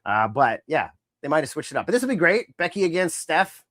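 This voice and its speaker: A fairly high-voiced man co-hosting a casual wrestling podcast, bouncing into mimicked voices as he retells scenes. The sound is dry and close, with no room around it. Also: a little fast, no echo. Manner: animated, acts out wrestlers' lines in mimicking voices. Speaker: podcast co-host.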